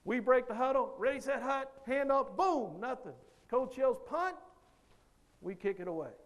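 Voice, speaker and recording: A man giving a motivational speech, telling a story with lively delivery and acting out the other people's lines. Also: very high voice, normal speed. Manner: animated storyteller who acts out others' lines. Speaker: motivational speaker.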